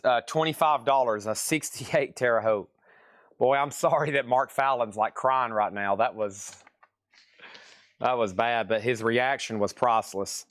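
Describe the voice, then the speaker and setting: A man's voice: mid-range voice, a bit bright, no echo, clean studio sound. A man hosting a live-stream vinyl sale, chatting casually as he reads out buyers' names, prices and the condition of each record. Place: record shop.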